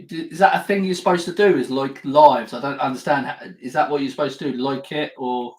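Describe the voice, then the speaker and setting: A man's voice: mid-range voice, poor audio. A man hosting a live stream, chatting to his viewers in a rambling, sweary way with stammered restarts. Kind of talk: casual live-stream chat.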